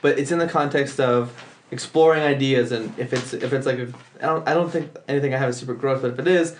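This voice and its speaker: A young man hosting a casual podcast, working through his thoughts with frequent restarts and corrections. His voice sits at a middle pitch. A faint hiss runs under the recording. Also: fairly even intonation, reverberant. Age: young adult. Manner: halting, full of restarts and self-corrections. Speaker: podcast host. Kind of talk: casual chat.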